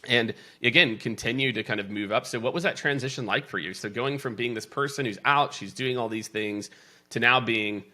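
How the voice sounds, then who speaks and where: A man's voice: mid-range voice, fairly quick, pushed and bright. A man hosting a podcast, asking long, rambling questions with many restarts. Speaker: podcast host. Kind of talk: conversational interview.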